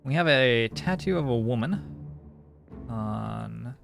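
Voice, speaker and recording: Slow, gravelly man musing over a puzzle game. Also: medium pitch, lively intonation, music in the background. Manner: slow, musing, thinking aloud. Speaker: gaming streamer. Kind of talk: casual let's-play commentary.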